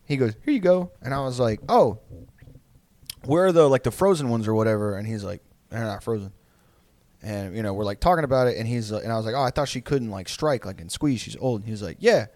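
A man's voice: medium pitch, brisk, darkish tone, no room sound. A young man on a podcast telling a rambling, profane story in casual chat, full of likes and ums. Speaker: podcast co-host.

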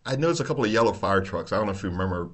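A middle-aged retired police officer telling animated stories in casual chat, swearing and laughing often. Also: male voice, lowish voice, racing. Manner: animated storyteller, swears freely, laughs a lot.

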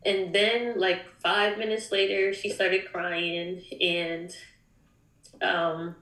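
A young woman giving an emotional personal testimony, halting with many ums and near tears at times. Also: on the low side, little pitch movement, a bit bright, roomy sound, poor audio. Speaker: guest.

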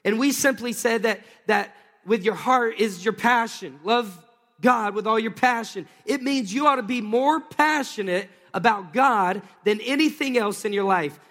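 A man with a high, light voice delivers an energetic sermon, calling out to the congregation and waiting for their answers. His words ring out with a long, reverberant tail, as in a large church hall. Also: unhurried. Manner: energetic, calls for crowd responses. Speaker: pastor. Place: church sanctuary.

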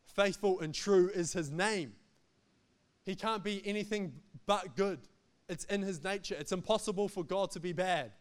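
High voiced guy preaching, punchy and repetitive, smooth clear tone. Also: moderate pace. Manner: emphatic, repetitive, jokes between points. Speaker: pastor. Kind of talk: sermon.

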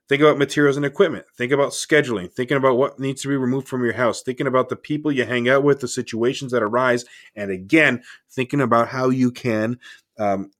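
A man's voice: medium pitch, fairly bright tone. A middle-aged man hosting a solo podcast, talking in a rambling, conversational way and often asking "right?". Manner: rambling with restarts. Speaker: podcast host.

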